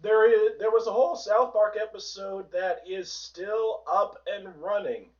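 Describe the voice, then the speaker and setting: A man with a hoarse voice hosting a sarcastic, profane political rant, in a dull, distant home recording. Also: sits high, fairly even intonation, a little slow. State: hoarse from a sore throat. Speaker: host. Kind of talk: ranting political commentary.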